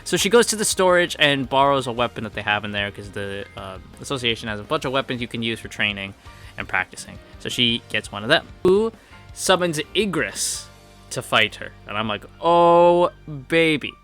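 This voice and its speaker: A man's voice: mid-range voice, animated, brisk, pushed and bright, faint music behind. A man giving a chatty, rambling recap of manhwa chapters as a reviewer. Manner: chatty and rambling, full of "like" and "you know".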